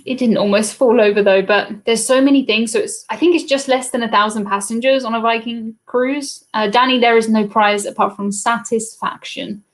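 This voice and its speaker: A woman's voice: on the high side, fairly even intonation, normal speed, hardly any pauses. A British woman hosting a live cruise trivia stream in a chatty, casual way, reading out viewers' comments and answering them into a laptop webcam mic.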